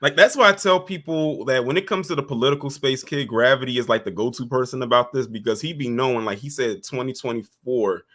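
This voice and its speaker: A man's voice: mid-range voice, a little fast, hardly any pauses. A man hosting a call-in livestream, chatting casually with callers and thanking supporters. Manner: relaxed, chatty, many fillers. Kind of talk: casual chat.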